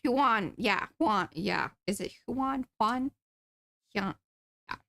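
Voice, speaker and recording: A woman's voice: a little high, expressive, takes it slowly, creaky, bright, forceful tone, no echo. Joking woman co-host, dry sound. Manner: joking, reads viewer comments aloud. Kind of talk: casual chat during a live art stream.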